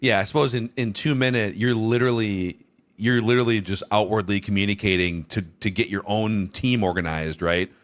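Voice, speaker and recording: Podcast cohost guy with a low voice, curious, keeps restarting his sentences. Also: steady tone, a little fast. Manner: curious, asks follow-up questions, often repeats words. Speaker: podcast co-host. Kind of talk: casual podcast chat.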